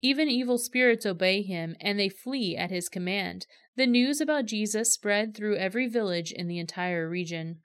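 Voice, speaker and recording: A woman reads scripture aloud in a steady, measured way. Her voice is smooth and resonant, and the recording is dry and close with no room echo. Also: mid-range voice. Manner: steady, measured storytelling delivery. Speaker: scripture reader.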